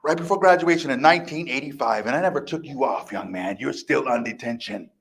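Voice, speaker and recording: A man voicing a stern, unforgiving old woman who was once a high school counselor, scolding a former student. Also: a little fast, a bit bright, close to an everyday voice.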